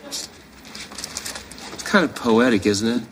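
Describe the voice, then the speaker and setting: A dry-witted, teasing man trades wisecracks in a studio sitcom. His voice sits at a middle pitch. The soundtrack is noisy, with audience laughter behind him. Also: very animated, slow. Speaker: sitcom lead.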